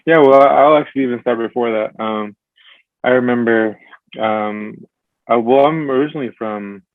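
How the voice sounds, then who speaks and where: A man's voice: mid-range voice, dry recording, narrow, tinny audio. A man as a podcast guest in casual chat, recalling his past hesitantly. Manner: hesitant, recalls things slowly.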